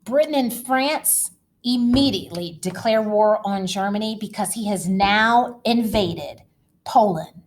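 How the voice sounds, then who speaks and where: A woman teacher giving a recorded history lecture, lively and dramatic, speaking straight to her students. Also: medium pitch, measured pace.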